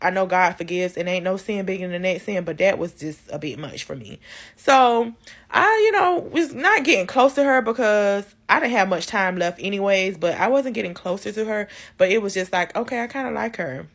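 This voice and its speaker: A woman's voice: medium pitch, expressive, moderate pace. A woman vlogger telling her life story in a casual storytime, speaking candidly and directly to her viewers. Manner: candid, talks straight to viewers; loose and conversational, many fillers.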